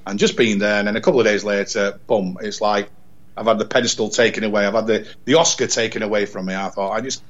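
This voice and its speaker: A man from England, a radio presenter, telling an animated story in casual chat, repeating words and acting out dialogue. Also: lowish voice, fast talker, highs cut off. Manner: rambling, repeats words, acts out quoted dialogue. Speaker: radio presenter, podcast guest.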